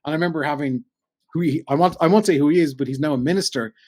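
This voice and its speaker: A middle-aged man with a Cork Irish accent, a radio broadcaster telling animated anecdotes in a casual chat and acting out the voices he quotes. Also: on the high side, racing. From Ireland. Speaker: podcast guest, radio broadcaster.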